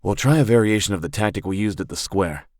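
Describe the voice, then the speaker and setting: A man voicing a calm, tactical male rogue who lays out plans in an even, level-headed way. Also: on the low side, fast, no echo, clean studio sound, lightly acted. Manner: calm, planning.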